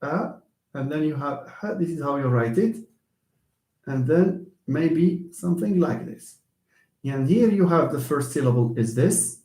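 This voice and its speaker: A man with a Moroccan accent giving an online class lecture, animated and switching between English, French and Arabic, asking and answering his own questions. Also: a little high, a little slow, roomy sound.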